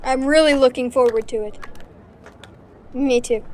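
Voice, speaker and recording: A woman teaching English, reading short everyday dialogues aloud, taking both parts, in a clear, careful way for learners to repeat. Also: high voice, fairly even intonation, a little slow.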